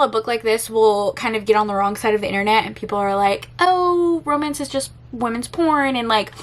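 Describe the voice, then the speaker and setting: A woman's voice: a little high, fairly bright tone. A young woman vlogging as a book reviewer, chatty and gushing, with some casual swearing. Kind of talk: casual vlog chat. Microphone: camera.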